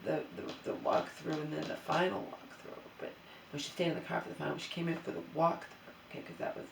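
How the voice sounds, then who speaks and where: A woman pours out a rambling, exasperated vent to her camera, stopping and restarting as she goes. Her mid-pitched voice carries a gravelly edge. It bounces around a bare, empty room, and she sits some distance from the mic. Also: fairly quick, background noise. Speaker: vlogger. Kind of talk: emotional monologue to camera. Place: empty new bedroom, indoors. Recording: roomy echo, voice away from the mic.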